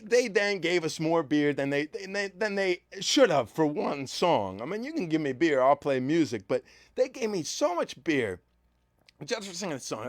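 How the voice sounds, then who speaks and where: High-voiced young man telling a lively story. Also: dry recording, studio quality. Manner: lively storyteller who acts out voices and breaks into song. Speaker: band member and show host. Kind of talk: animated storytelling on a live stream.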